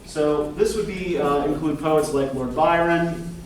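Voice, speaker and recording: A man's voice: on the high side, a little slow, a little hiss or hum. A man lecturing a class on literature, talking conversationally with many fillers and tag questions. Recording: echoey classroom, mic far off.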